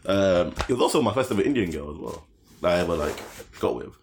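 A man's voice: deep voice, lively intonation, fast talker, gravelly, slight background noise. A young man telling a long story in casual podcast chat. He rambles, swears, laughs often and acts out the voices in his story.

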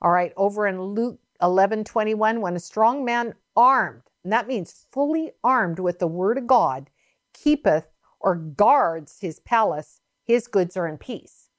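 A woman's voice: mid-range voice, measured pace. A woman preaching a sermon in an emphatic, fervent, repetitive way. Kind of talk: sermon teaching.

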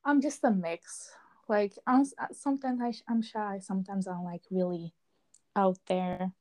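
A young woman whose first language is Dutch, chatting casually in an excitable, gushing way. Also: medium pitch, moderate pace. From grew up speaking Dutch. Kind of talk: casual chat.

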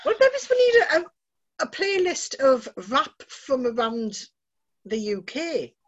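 A woman's voice: sits high, big pitch swings, slow pace, dull audio. A woman hosting a casual chat, enthusiastic and encouraging toward her guest. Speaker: podcast host.

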